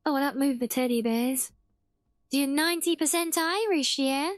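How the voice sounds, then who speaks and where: A woman's voice: high-pitched, moderate pace, dry recording. A British woman streaming a game live, chatting casually, often correcting herself mid-sentence and answering her chat. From Britain (half English, half Welsh).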